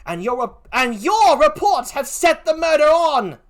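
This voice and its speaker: A man's voice: high voice, slow, fairly bright tone, pitched above the performer's own voice. An older man voicing a loyal, outspoken woman servant who cries out in outrage, in a one-man Shakespeare reading. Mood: outraged.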